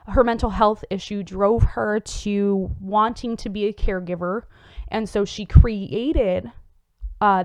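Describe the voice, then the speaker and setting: A woman's voice: medium pitch, dry recording. A woman hosting a psychology show, explaining in an earnest, casual way with many fillers and restarts.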